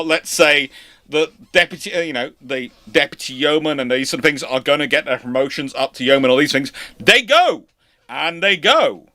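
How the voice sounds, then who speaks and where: A man's voice: on the high side, sharp tone, no room sound, studio quality. A man hosting a live-stream history lecture, explaining in a conversational, digressive way. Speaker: host.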